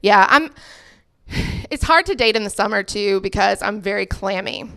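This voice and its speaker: A woman's voice: mid-range voice, animated, normal speed, creaky, a bit bright, smooth. A young woman doing a stand-up comedy set, chatty and self-mocking, acting out the people she quotes.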